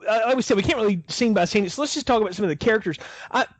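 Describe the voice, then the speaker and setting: A man co-hosting a podcast in casual chat, animated, often chuckling as he talks. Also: high-pitched, very fast, no echo. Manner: animated, chuckles while talking. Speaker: podcast co-host.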